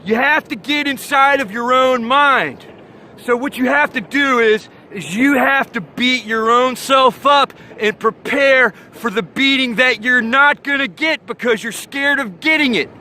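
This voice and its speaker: A young man from Florida doing a comic surfer-dude monologue, full of slang and shouted sound effects. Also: very high-pitched, a little slow, slight background noise, poor audio. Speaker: comic vlogger.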